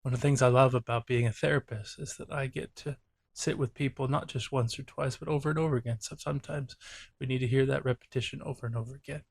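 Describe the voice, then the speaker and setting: Earnest man reflecting in an even tone. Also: mid-range voice, quick pace, creaky, breathy edge, dry recording. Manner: earnest, reflective, openly emotional. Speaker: therapist and show host. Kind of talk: reaction commentary.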